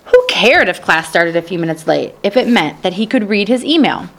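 A woman reading a children's novel aloud as narrator, telling the story in a steady, even way. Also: mid-range voice, normal speed. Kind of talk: audiobook narration.

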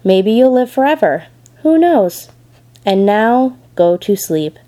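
A woman doing a wise, gentle spider. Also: sing-song, slow pace, poor audio. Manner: gentle, low voice. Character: wise, gentle female spider, calm and kind.

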